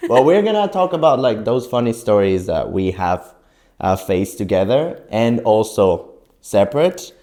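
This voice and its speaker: Lively lower-voiced man from Mexico. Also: a little slow. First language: Spanish. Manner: lively storyteller, laughs often. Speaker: podcast guest. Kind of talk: casual chat.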